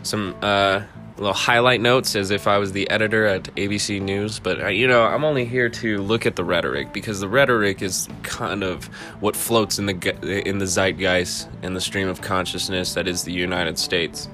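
A man with a lowish, monotone voice hosts a casual political podcast. He rambles in a laid-back way, breaking off into asides as he reads an article, with faint guitar music behind him. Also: normal speed. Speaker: podcast host.

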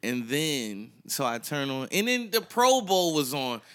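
A man chatting casually on a podcast, telling stories with animated quoting. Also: fairly high pitch, measured pace. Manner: animated storytelling, mimics texts and quotes loudly.

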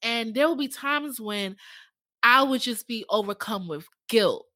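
A young woman in casual conversation, telling an emotional personal story with animated voices for the people in it. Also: on the high side, measured pace, no room sound. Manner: emotional, animated, acts out voices in her stories.

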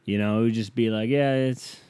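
A man's voice: lowish voice, steady tone, brisk, warm tone, clear, resonant tone, no room sound. Profane rambling young man podcasting. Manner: profane, self-mocking, rambling. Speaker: podcast host. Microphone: headset mic.

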